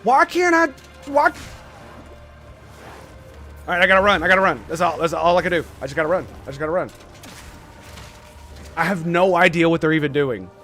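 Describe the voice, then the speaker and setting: A man giving live gameplay commentary as a streamer, excitable and quick to swear and rant in exasperation. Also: a little high, soft background music.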